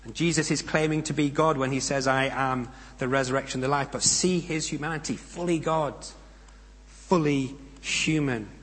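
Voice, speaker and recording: A man preaching a sermon. He speaks in a measured, emphatic way, with pauses and rhetorical questions. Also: fairly high pitch, steady tone, fairly bright tone. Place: church. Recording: long reverb of a church hall.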